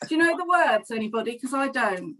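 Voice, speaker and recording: A middle-aged woman leading a children's storytime over a video call, reading a picture book aloud in an animated, expressive, friendly way. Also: fairly high pitch, quick pace, low-quality recording. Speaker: storytime session leader.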